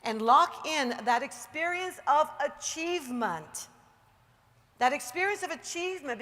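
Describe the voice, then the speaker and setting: A woman giving an emphatic motivational talk to a live audience, later guiding a slow, soothing relaxation exercise. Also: high voice, bright, forceful tone, in a large hall. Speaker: motivational speaker leading a guided meditation. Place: large hall with an audience.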